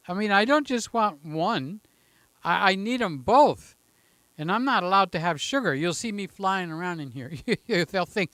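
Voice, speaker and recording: A man's voice: high voice, sing-song, measured pace, a bit bright, clear, resonant tone, no room sound. A man hosting a casual live stream from home, talking in a chatty, jokey way and reading out the chat, a little out of breath, holding a handheld mic. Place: room in his house.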